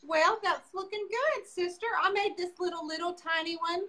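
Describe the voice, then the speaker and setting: A woman's voice: very high-pitched, normal speed, bright, forceful tone. A woman, co-hosting a live furniture makeover and chattily explaining her work step by step. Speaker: co-host demonstrating furniture makeover. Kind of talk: casual live demo chat.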